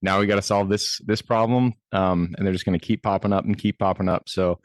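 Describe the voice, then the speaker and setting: A man's voice: sits low, steady tone, brisk, no echo. A man hosting a podcast, talking through a point in a casual, affirming way. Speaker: podcast host. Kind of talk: casual chat.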